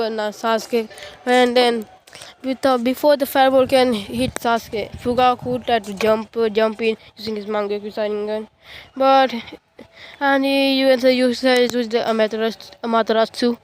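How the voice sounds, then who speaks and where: A woman's voice: a little high, slight background noise. Rambling woman retelling a fan story. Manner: rambling, constant filler phrases and restarts.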